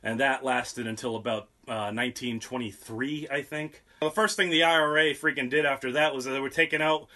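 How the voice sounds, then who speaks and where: Bright-voiced sarcastic young man. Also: mid-range voice, fairly even intonation, fairly quick. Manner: profane, sarcastic, rambling. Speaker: podcast host. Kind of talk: casual podcast banter and history segment.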